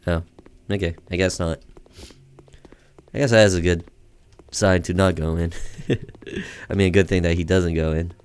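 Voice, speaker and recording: A man giving let's-play commentary on a horror game, with joking, deadpan sarcastic asides. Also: deep voice, normal speed, long pauses, clean tone. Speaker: gaming video creator.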